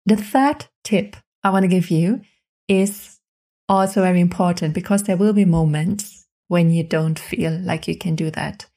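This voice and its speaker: A woman's voice: lowish voice, measured pace, mellow. A woman hosting a podcast, giving motivational self-help advice in an encouraging, repetitive way, speaking straight to the listener into a microphone. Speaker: podcast host. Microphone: studio microphone.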